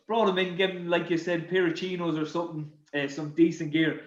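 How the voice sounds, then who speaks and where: A man's voice: fairly high pitch, level tone. Man rambling with many restarts, roomy sound. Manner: halting, with many repeated words and fillers. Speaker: guest, former footballer. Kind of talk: casual podcast conversation. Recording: roomy, slightly dull sound.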